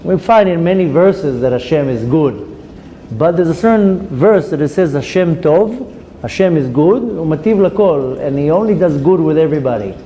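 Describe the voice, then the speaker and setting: A man teaching a Torah class, a lively storyteller who acts out the characters in his stories. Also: a little high, moderate pace, a little hiss or hum, poor audio. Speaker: rabbi.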